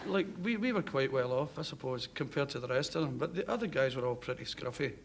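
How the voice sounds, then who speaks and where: Glaswegian man in his thirties, animated comic raconteur, wide swooping pitch, noisy 1970s TV sound. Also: fast talker, vocal fry. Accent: Glaswegian Scottish. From Scotland. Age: 30s. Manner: animated, laughs through his own stories. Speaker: comedian guest. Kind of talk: anecdotal chat show storytelling. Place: television studio with audience. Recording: noisy 1970s television audio.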